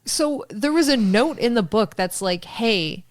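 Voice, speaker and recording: A woman co-hosting a casual podcast, summarizing a book in a rapid, animated storytelling style with quick asides. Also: fairly high pitch, no echo. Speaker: podcast co-host.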